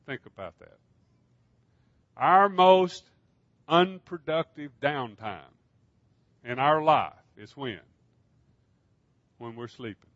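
A man's voice: fairly high pitch, takes it slowly, pauses often, fairly bright tone, dry recording, muffled recording. A man preaching a sermon, earnestly asking his listeners questions. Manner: earnest, asks the congregation questions. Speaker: pastor.

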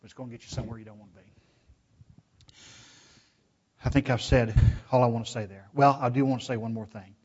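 Husky, emphatic preacher man. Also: medium pitch, fairly even intonation, a little fast, long pauses. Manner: emphatic, shifts from loud urging to hushed pleading; addresses listeners as brethren, asks rhetorical questions. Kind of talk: sermon. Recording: dull, lo-fi recording.

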